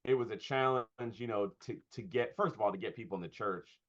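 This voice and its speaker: Low-voiced man, thoughtful and halting. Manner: thoughtful, halting with fillers and restarts. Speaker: pastor and comedian. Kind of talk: conversational interview. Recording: dull lo-fi sound.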